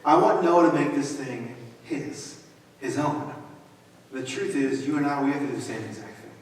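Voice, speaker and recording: A man's voice: medium pitch, moderate pace, far from the mic. A pastor in his thirties giving a conversational sermon with joking asides, recorded in a large church auditorium. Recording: echoey hall, mic from afar.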